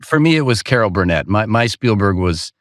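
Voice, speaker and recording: A man's voice: lowish voice, expressive, fairly quick, dry recording, studio quality. A man talking as a podcast guest in casual chat, laid-back and often calling people "man".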